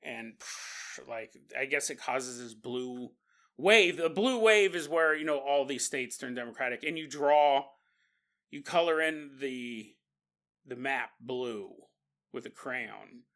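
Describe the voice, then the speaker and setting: A man hosting a podcast, telling a comic monologue with frequent laughs and quick acted-out voices. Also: medium pitch, fairly bright tone. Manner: jokey, laughs often, acts out little voices. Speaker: podcast host. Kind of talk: comedic monologue.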